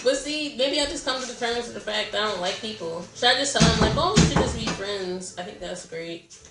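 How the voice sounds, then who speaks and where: A woman's voice: a little high, fairly quick, over loud music. A young woman chatting at dinner in a wry, self-mocking way. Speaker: family member at dinner. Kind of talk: casual chat. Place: home dining table. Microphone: far camera. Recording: echoey room, mic far off.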